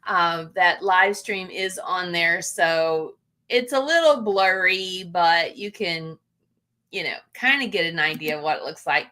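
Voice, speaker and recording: A woman's voice: lowish voice, unhurried, bright, forceful tone. A woman hosting a casual livestream, greeting viewers in a gushing, emotional way with many fillers. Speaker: livestream host. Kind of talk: casual live chat with viewers.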